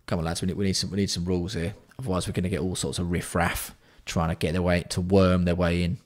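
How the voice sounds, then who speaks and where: A man hosting a casual livestream, bantering with chat and swearing freely while keeping his voice fairly hushed. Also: low-pitched, level tone, fast. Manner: banter-filled, sweary, reads out and answers chat. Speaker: livestream host.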